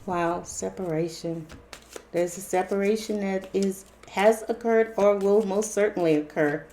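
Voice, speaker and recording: A woman reads tarot cards aloud for her viewers in a loose, chatty way, speaking straight to them. She keeps repeating herself and breaking in with small exclamations and fillers. Her voice sits at a middle pitch. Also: a little slow, mellow, a little hiss or hum. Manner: chatty, repetitive, exclaiming "wow" and "interesting"; addresses viewers directly with fillers. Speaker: tarot reader. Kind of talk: casual tarot reading for viewers.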